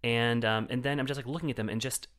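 A man co-hosting a film podcast, chatting casually and telling stories with lively put-on voices. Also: fast talker. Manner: animated storyteller, jumps into shrill impressions. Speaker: podcast co-host. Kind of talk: casual film review chat.

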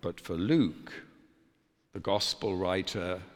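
A man, a priest, preaching a sermon in a measured, deliberate way with dramatic pauses. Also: low voice. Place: church. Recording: long church reverb.

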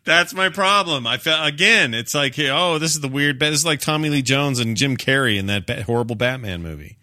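A man's voice: medium pitch, fairly quick, dry recording, studio quality. A man co-hosting a casual movie review chat, opinionated and rambling. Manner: opinionated, rambling, animated riffs. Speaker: podcast co-host.

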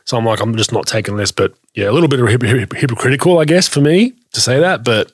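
A man's voice: mid-range voice, fast talker, dry recording, clean studio sound. A man with an Australian accent ranting bluntly, full of swearing, in a casual chat on a podcast.

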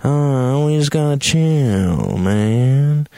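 A man voicing an overly mellow adult male peacemaker, drawling and soothing. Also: medium pitch, expressive, very slow, no echo, pitched above the performer's own voice.

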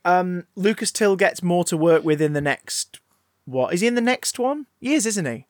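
A man's voice: high-pitched, animated, normal speed. A man chatting casually about a film, enthusiastic and swearing freely. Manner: enthusiastic, swearing, laughs often. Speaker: podcast co-host.

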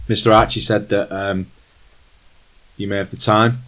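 A man's voice: on the low side, level tone, normal speed, a bit bright, natural voice, rough recording. A man voicing a tall, thin, very old male fixer in a tabletop game, speaking formally and courteously with a put-on German-ish accent. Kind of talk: tabletop role-play voicing.

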